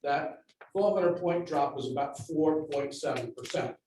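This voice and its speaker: A man giving a measured public comment at a school board meeting, laying out facts and figures. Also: on the high side, warm tone. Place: large meeting room. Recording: very echoey room, distant mic, faint noise.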